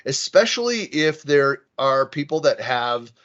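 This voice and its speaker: A man's voice: mid-range voice, sing-song, measured pace, fairly bright tone, highs cut off. A man with a Western US Bay Area accent giving an online presentation, rambling and self-deprecating, with many fillers and restarts. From San Francisco Bay Area. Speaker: conference speaker. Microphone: video call.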